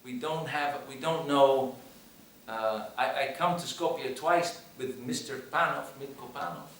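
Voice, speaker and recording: Brief: man from the US, film director at a screening Q&A, emphatic and repetitive, mid-pitched, heard from a distance in a roomy hall. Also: measured pace, a bit bright. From United States. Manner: emphatic, repeats phrases, asks rhetorical questions. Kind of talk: post-screening Q&A talk. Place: cinema hall. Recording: echoey hall, voice from far off, faint noise.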